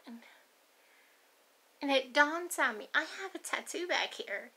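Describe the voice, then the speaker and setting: Middle-aged woman, grandmother, folksy rambling storyteller, gravelly, bright tone. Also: high-pitched, animated, measured pace, pauses often. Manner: folksy, meandering, chatty. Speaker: grandmother vlogger.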